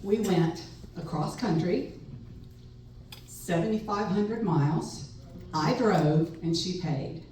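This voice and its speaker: A woman's voice: on the low side, slow pace, pauses often. Wry middle-aged woman telling a story. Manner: wry, animated, laughs between lines. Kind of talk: live personal storytelling. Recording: echoey room, far mic, faint noise.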